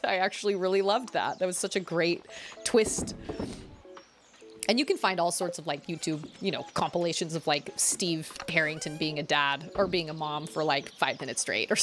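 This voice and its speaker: A woman streaming a farming game, chatting casually in a rambling way, full of "like"s and quick laughs. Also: fairly low pitch, a bit bright, slight background noise. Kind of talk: casual chat while playing.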